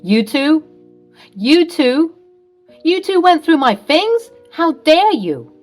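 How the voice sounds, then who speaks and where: A woman's voice: medium pitch, sing-song, moderate pace, a little mellow, faint music behind. A woman voicing a scheming stepfather, a middle-aged man who blusters defensively. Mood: indignant.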